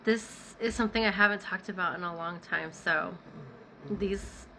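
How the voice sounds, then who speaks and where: A woman with a bright, clear voice tells a personal story straight to her audience in a casual vlog. She acts out the dialogue of the people she describes as she goes. A faint hum of room noise sits behind her. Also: fairly low pitch, moderate pace, rough recording. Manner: animated retelling with acted-out dialogue. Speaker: storyteller recounting personal experience.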